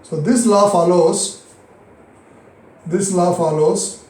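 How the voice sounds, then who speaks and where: A man with an Indian English accent teaching a physics lesson, repeating key phrases slowly and answering his own questions. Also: high voice, fairly even intonation, darkish tone, echoey room, poor audio. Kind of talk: recorded classroom lesson.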